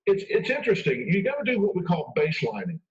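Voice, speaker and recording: A man's voice: high-pitched, wildly swooping pitch, quick pace. A man speaking as an expert guest in a radio interview, emphatic and conversational, acting out quoted lines. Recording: dull radio broadcast from far off.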